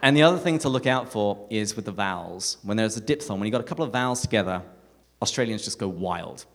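A man with an English accent giving a live talk to an audience, telling stories with animated, self-mocking humour. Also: lowish voice, fast talker. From England. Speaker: speaker at a parish talk night. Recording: echoey hall reverb.

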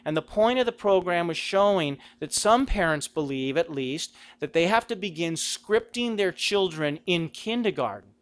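A man's voice: high-pitched, expressive, moderate pace, hardly any pauses, a bit bright. A middle-aged man giving a conversational talk on Christian vocation, asking rhetorical questions. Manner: acts out quoted lines with a raised voice. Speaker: Catholic speaker.

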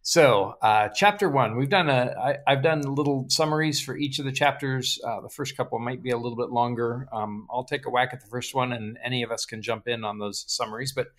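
A man hosting a casual book discussion, summarizing chapters and reading quotes with lively emphasis. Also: mid-range voice, a little fast, few pauses. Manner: relaxed, chuckling, reads quotes with animated emphasis.

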